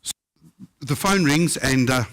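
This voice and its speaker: Middle aged south african guy, chef telling funny stories to a crowd, lively and jokey, regular pitched voice. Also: a little slow. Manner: lively, humorous, mimics other people's voices in quotes. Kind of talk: live anecdotal storytelling to an audience.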